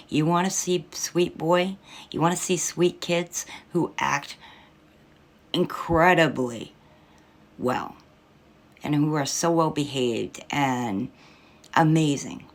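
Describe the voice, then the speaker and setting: A middle-aged woman with an extremely low, gravelly voice delivers scornful reaction commentary. She lectures and mocks with heavy sarcasm. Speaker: social media commentator.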